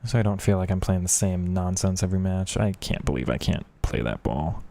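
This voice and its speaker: A man's voice: sits low, lively intonation, fairly quick, creaky, dark tone. A man streaming a football video game, talking casually and with frustration at the match while chatting with viewers. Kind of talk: casual gaming commentary.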